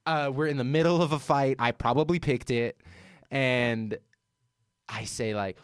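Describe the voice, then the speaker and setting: Man in his own casual voice, earnest and thoughtful, middle pitch, dry mic. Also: unhurried, clean tone, no echo. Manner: earnest, reflective, many "like" fillers. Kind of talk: casual reflective chat.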